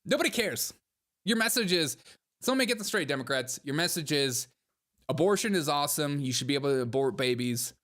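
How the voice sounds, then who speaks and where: A man hosting a casual livestream, reacting to comments and clips in a sarcastic, mocking and animated way. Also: a little high, fairly quick.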